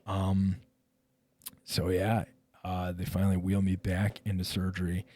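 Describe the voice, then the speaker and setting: A husky, low-voiced middle-aged man tells his story in a loose, profane podcast chat. He brings the people in it to life with quoted dialogue, and the recording is close and dry. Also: monotone, measured pace, warm tone, no room sound. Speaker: guest, retired police officer.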